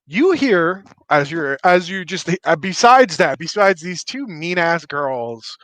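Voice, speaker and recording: Lively bright-voiced male game master. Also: fairly high pitch, takes it slowly, dry recording. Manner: playful, chatty, full of fillers like 'like'. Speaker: dungeon master. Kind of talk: narrating a tabletop game.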